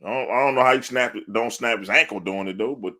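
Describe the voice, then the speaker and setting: A man's voice: mid-range voice, quick pace, pushed and bright. A man co-hosting a wrestling podcast, talking loosely, cursing and laughing often. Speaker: podcast co-host. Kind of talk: casual wrestling chat.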